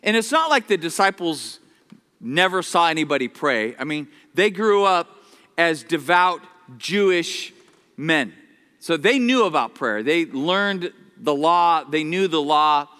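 A man preaching a sermon to his church, animated and playful, acting out the voices of people he quotes. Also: on the high side, unhurried, clean tone, long reverb tail. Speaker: pastor. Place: church sanctuary.

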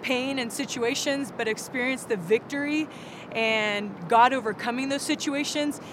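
Earnest, reflective woman guest, a bit high-pitched, clear traffic rumble. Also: moderate pace. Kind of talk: casual chat.

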